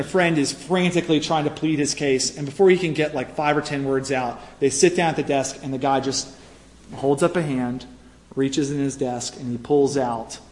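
Casual preacher with a reverberant hall sound. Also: male voice, medium pitch. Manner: casual, storytelling, fillers like "right?". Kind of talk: conversational sermon with a story.

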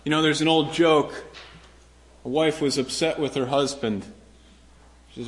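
A male pastor preaches earnestly and emphatically to his congregation in a mid-range, steady voice, unhurried and with long pauses. He often repeats phrases and raises his voice when he quotes a promise.

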